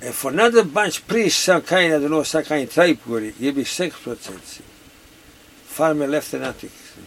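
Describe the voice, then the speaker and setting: A man's voice: fairly high pitch, animated, normal speed. Older Yugoslavian man in broken English. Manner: broken English, repeats "you see". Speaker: interviewee. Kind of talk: oral history interview. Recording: 1970s tape with background noise.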